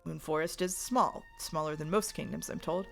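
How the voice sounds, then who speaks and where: A woman voicing a proud, brooding young male hunter prince in a visual novel, talking in a gruff, defensive, commanding way. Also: deep voice, moderate pace, soft background music. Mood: wistful.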